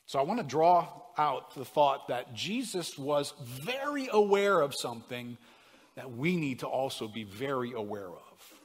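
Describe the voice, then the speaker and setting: Delivering his sermon in a large hall, this pastor has a medium-pitched voice with a breathy edge. He is emphatic, stressing individual words and posing questions to the room.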